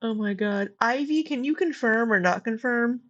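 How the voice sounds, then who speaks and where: A woman streamer chats casually live with friends, giggly and constantly breaking into laughter, her voice on the high side at normal speed. She's in an indoor room with neighbors next door, using earbuds with a computer mic, and the stream audio is slightly dull and lo-fi.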